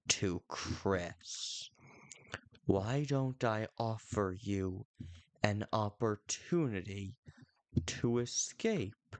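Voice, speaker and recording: A man doing a slow, sinister void scientist. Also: lowish voice, no room sound. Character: cold, scheming male void scientist.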